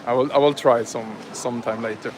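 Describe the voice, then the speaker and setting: A man's voice: medium pitch, fairly even intonation, fairly quick, a little hiss or hum. A man chatting and joking with his viewers on a live stream while he drives and then shops, recorded on a handheld phone. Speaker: livestreamer. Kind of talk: casual live-stream chat. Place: car, then inside a large grocery store. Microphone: phone held in hand.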